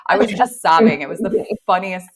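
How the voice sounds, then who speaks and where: A woman's voice: on the low side, brisk. A young woman co-hosting a podcast, telling a funny story in a chatty way full of fillers and laughter. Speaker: podcast co-host.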